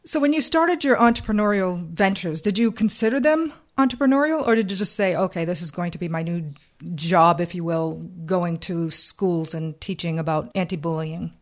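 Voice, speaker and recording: Curious woman interviewer, lowish voice. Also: moderate pace. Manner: curious, friendly questioning. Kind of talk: casual interview.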